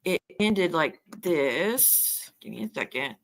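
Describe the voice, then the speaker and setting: A woman hosting a stream, retelling gossip in a rambling, animated way with many restarts. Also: on the low side, slow pace. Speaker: livestream host. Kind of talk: casual gossip chat.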